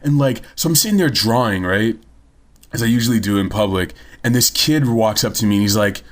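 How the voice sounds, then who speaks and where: A man's voice: medium pitch, lively intonation, moderate pace. A young man telling a story in casual podcast chat, blunt and swearing freely. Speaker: podcast co-host.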